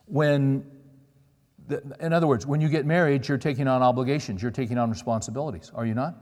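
A man's voice: medium pitch, very fast, a little mellow. A middle-aged man preaching a sermon, telling stories in a conversational way and checking in with the audience. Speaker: pastor. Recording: long reverb of a large hall.

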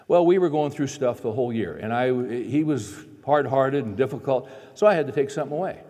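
A middle-aged man, a pastor, preaching a sermon and telling a family story, moving between loud preaching and quiet asides. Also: medium pitch, lively intonation, brisk. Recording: long echo of a large hall.

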